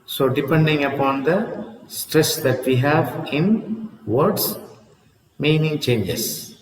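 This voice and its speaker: Male English teacher, slow and deliberate, a bit high, recorded far from the mic in a roomy space. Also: lively intonation. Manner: slow, deliberate, repeats himself. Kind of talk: online lesson. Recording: echoey room, voice from far off.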